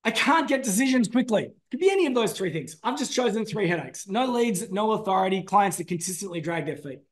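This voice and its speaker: A man presenting a business masterclass, energetic and emphatic, calling out to his audience. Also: sits high, fairly quick. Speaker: business trainer.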